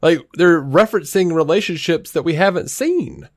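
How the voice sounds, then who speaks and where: A man's voice: a little high, normal speed, dry recording. Argumentative podcast man, dry close sound. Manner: animated, argumentative, swears casually. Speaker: podcast co-host. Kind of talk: casual debate.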